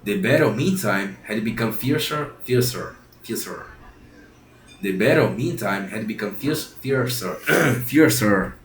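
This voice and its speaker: A man's voice: on the low side, expressive, a little slow. A man reading a children's classic aloud, often restarting and repeating phrases as he goes. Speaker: reader. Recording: roomy echo, faint background hiss.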